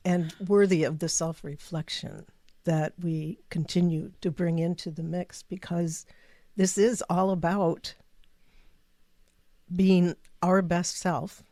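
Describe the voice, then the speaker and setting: A woman's voice: lowish voice, flat delivery, slow pace, dark tone, dry recording, clean studio sound. A woman co-hosting a podcast, asking curious questions in casual conversation. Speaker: podcast co-host.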